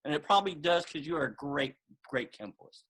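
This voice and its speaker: A man telling a personal story in a casual, animated way, acting out the dialogue he quotes. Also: a little high, brisk, husky, poor audio. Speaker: martial arts guest answering questions. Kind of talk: casual storytelling on a video call.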